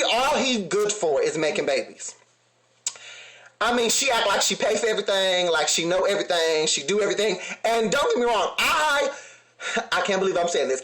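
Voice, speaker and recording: High-voiced sassy man in an echoey room. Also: a bit bright. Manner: laughing, sassy, talks straight to viewers. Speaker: reality TV reviewer. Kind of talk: casual sassy commentary.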